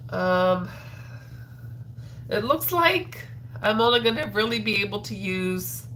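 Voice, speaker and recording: Crocheting on a livestream, a stuffy-nosed Atlantic Canadian woman chats in a rambling way, filling gaps with ums and letting sentences trail off with "so." Her mid-range voice has lively intonation, a slow pace and a slightly bright tone over a faint hiss or hum.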